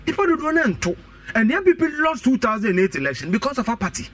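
A man's voice: very high-pitched, big pitch swings, fast talker, fairly bright tone, dry recording, recorded from a distance. A man with a Ghanaian accent arguing politics on a radio talk show, switching between Twi and English, emphatic and repetitive. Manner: mixing Twi and English, emphatic, repeats points. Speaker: political guest. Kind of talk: animated political debate.

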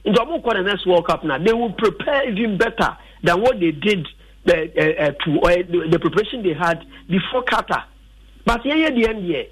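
A man's voice: high-pitched, lively intonation, brisk, breathy edge, low-quality recording. A man with a Ghanaian accent talking football as a radio pundit, emphatic and sliding between English and a local language. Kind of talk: radio sports talk.

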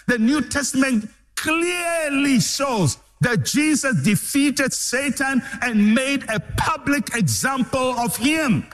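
A pastor preaching with fervor, his voice set very high for a man. He swings his pitch widely, repeats his points, and drives them home with loud, emphatic declarations. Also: lively intonation, slow pace, hardly any pauses. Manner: impassioned preaching, repeating phrases and building to shouts. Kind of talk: sermon.

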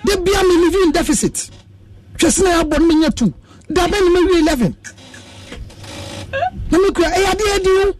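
A man's voice: very high voice, normal speed, long pauses, far from the mic. A Ghanaian man speaking as a counselor guest on a radio show, lecturing emphatically in casual chat. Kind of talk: casual radio chat, mixing Twi and English.

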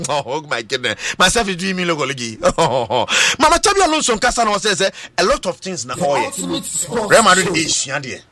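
Excitable high-voiced Ghanaian radio host. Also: male voice, normal speed, no echo. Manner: excitable, shouts out names, mixes English and Twi. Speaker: radio sports show host. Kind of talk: lively sports radio chat.

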